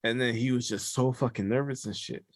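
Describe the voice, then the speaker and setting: A man's voice: mid-range voice, fairly quick, slight background noise. A man co-hosting a podcast, telling a story in casual chat and acting out the voices as he goes. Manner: animated storyteller, acts out voices. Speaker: podcast co-host.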